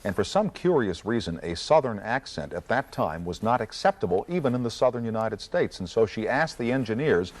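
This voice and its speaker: A man hosting a television talk show, asking measured, probing questions. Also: fairly low pitch, very animated. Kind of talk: television interview.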